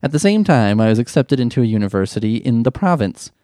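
A man's voice: medium pitch, quick pace, no room sound, studio quality. Sarcastic man reading a story aloud. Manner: sarcastic, deadpan asides. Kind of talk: mocking commentary over a read-aloud story.

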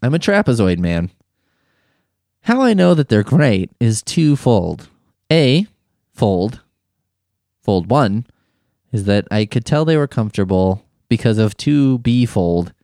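Rambling man with a lively voice. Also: mid-range voice, takes it slowly, pauses often, dry recording, studio quality. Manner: rambling, irreverent, jokey asides. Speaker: podcast host. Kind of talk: casual comedic monologue. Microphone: studio microphone.

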